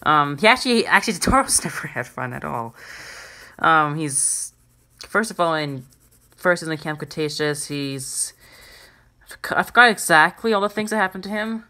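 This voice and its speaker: Woman host for a casual drawing tutorial: low, lively voice, chatty and self-deprecating. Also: moderate pace.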